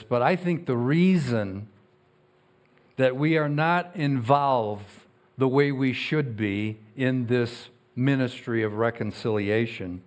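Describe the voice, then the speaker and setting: With a mid-range voice, a man preaches as pastor, speaking earnestly. He alternates between loud emphasis and quiet asides, slowing down whenever he reads scripture.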